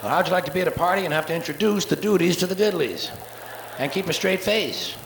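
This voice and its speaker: A man doing a live stand-up routine, profane and sardonic, with rapid-fire wordplay, on a theater stage before an audience. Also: high-pitched, lively intonation, vocal fry, a bit bright. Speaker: stand-up comedian. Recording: echoey live soundboard tape with faint hiss.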